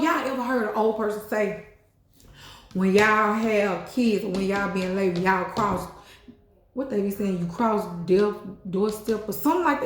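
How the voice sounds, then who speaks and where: A woman telling her life story in a casual storytime vlog, chatty and animated, swearing and leaning on fillers like "you know what I'm saying". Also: medium pitch, normal speed, a little hiss or hum. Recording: echoey room.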